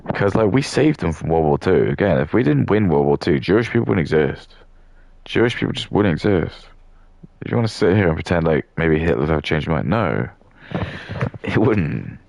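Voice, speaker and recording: A man in his thirties with an extremely deep voice and a gravelly edge, chatting and ranting loosely as he builds models. He rambles and swears freely. The sound is dry and close. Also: sing-song, fairly quick, a little mellow, dry recording. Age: 30s. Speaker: streamer. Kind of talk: casual rambling chat while building models.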